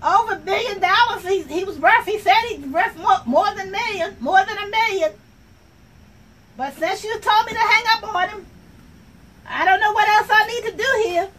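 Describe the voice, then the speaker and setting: Sassy high-voiced woman, far from mic. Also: normal speed, fairly bright tone, a little hiss or hum. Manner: sassy, repetitive, addresses the audience directly. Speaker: comedy sketch performer. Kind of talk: comic monologue in character as an office worker. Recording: voice from far off the mic, faint ambience.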